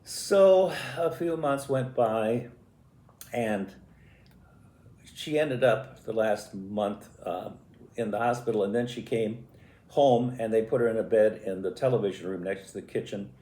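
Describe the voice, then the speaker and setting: A man in his eighties telling stories from his life in a halting, reflective and emotional way. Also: fairly low pitch, mellow. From US Midwest. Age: 80s. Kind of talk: personal storytelling. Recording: echoey room.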